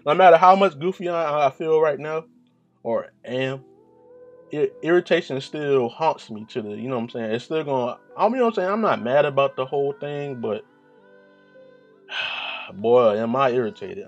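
A young man talks loosely through his solo podcast, full of fillers and cursing. His voice sits at an ordinary pitch for a man. Faint music plays underneath. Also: lively intonation, moderate pace, dull audio. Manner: casual, profane, rambling with many fillers. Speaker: podcast host.

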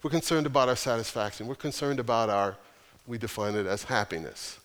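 A male pastor preaching an earnest, emphatic sermon with deliberate pauses. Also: mid-range voice, a bit bright, long reverb tail.

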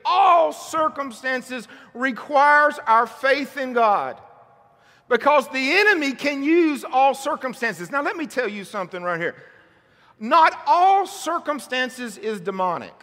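A man preaching a sermon at a church service, fiery and shouting rhetorical questions. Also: very high-pitched, lively intonation, slow. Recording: long hall reverb.

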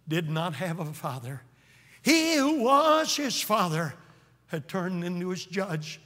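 A high-pitched man with a bright, ringing voice preaches a dramatic revival sermon. He swings from hushed, drawn-out lows to booming cries, and his voice trails off into the long reverb of a large hall.

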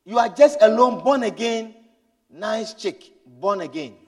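A man preaching a sermon, swinging between loud, urgent exhortation and low, hushed storytelling. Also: expressive, measured pace, long reverb tail.

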